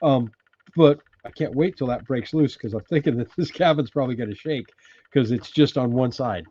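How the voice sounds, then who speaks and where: An older man from California hosting a casual live chat from his off-grid cabin, rambling and laughing often as he greets viewers loudly. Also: mid-range voice, normal speed, breathy edge, lo-fi sound. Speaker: live-stream host.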